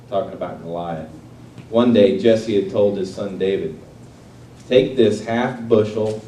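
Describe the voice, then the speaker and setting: A man's voice: on the low side, warm tone, slight background noise. A man preaching a sermon in a conversational way, asking his listeners questions and retelling a story. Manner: conversational, asks the audience questions. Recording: echoey room, voice from a distance.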